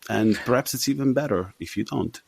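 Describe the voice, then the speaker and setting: A man's voice: medium pitch, fairly quick, vocal fry, darkish tone, slightly rough. A man with a mixed accent from Italian, South American and Australian roots, hosting a casual film chat podcast, rambling and laughing often, swearing freely. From born in South America, Italian. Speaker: podcast host.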